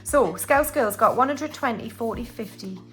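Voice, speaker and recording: This British woman, host of a budgeting channel, speaks at a fairly high pitch and normal speed, sounding animated as soft music plays. In her casual cash-stuffing vlog she chats, counts banknotes aloud, and laughs at her own mistakes.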